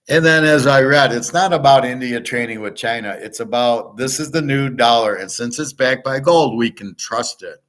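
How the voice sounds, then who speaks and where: With a medium-pitched, slightly bright voice, a male betting and markets commentator delivers a foul-mouthed rant about markets. He often starts over or lets his sentences trail away.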